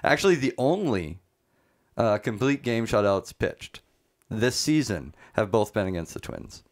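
A man's voice: lowish voice, animated, measured pace. A man co-hosting a casual sports podcast, recapping games in a chatty way with many fillers.

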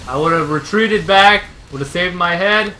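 A man giving live commentary on his own gameplay, ranting, yelling and sarcastically griping at teammates. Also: sits high, normal speed, slight background noise. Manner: raging, yelling outbursts at teammates.

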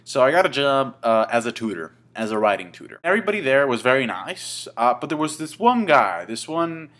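A man's voice: medium pitch, very animated, a little fast, a bit bright. A man in his twenties telling a casual story to camera, rambling and swearing, with many fillers and restarts. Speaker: vlogger.

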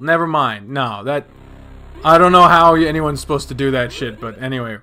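A young man doing let's play commentary, excitable and swearing, yelling at the game when things go wrong. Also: on the high side, normal speed. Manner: excitable, cursing, yells at the game. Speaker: gaming video host.

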